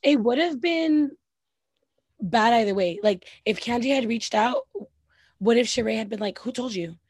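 A woman's voice: fairly high pitch, moderate pace, a little mellow, husky, no room sound. A woman co-hosting a podcast, giving blunt, opinionated takes in casual chat and swearing freely. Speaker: podcast co-host.

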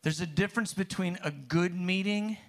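A man's voice: sits high, normal speed. A man preaching, telling his own story in a conversational way, with restarts that build to emphatic peaks. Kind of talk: personal testimony sermon.

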